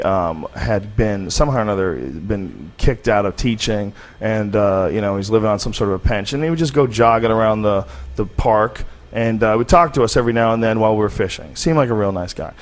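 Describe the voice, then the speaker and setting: Man, lower pitch, casual podcast storytelling, candid, profane, rambling. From United States. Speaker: podcast host.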